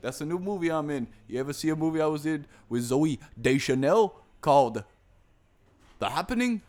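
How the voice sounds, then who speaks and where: A man's voice: on the high side, animated, normal speed, darkish tone, lightly acted. A man doing a brash, boastful movie star. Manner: brash, self-promoting, rambling. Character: cocky, boastful male movie star, middle-aged.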